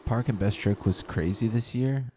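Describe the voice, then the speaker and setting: A man's voice: fairly low pitch, normal speed, noisy background. A man casually chatting with live viewers while playing a BMX video game, rambling and reading the chat aloud.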